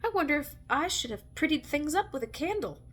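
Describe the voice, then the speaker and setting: A tactless old nanny in a storybook, blunt and grumbling as she pipes up, voiced by a woman reading aloud. Her voice is pitched well above the reader's usual tone and sounds querulous. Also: expressive, brisk, fairly bright tone.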